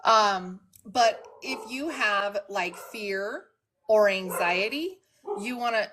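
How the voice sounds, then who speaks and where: Hosting a casual live stream from home, a woman speaks candidly and plainly, addressing her chat directly. Her voice is medium in pitch, and there's noise in the background.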